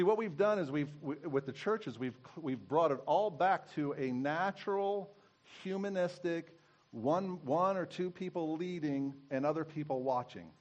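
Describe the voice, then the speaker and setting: A man's voice: a little high, darkish tone, lo-fi sound. A man giving a conversational sermon as pastor, teaching and asking his congregation questions.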